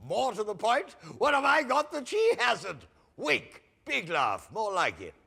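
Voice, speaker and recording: A high, gravelly, bright voice of a pompous old-school luvvie hamming up a panto dame. He talks in a theatrical lilt, swinging his pitch widely and reading his own stage directions aloud. Faint music sits underneath. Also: huge pitch swings, a little slow, exaggerated voice. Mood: hammy. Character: camp veteran male actor playing a panto dame. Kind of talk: TV comedy drama acting.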